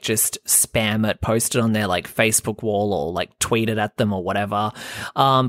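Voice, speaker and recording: A man's voice: medium pitch, dry recording, clean studio sound. A man hosting a podcast, recapping reality TV in a chatty, gossipy way with plenty of filler words. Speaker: podcast host.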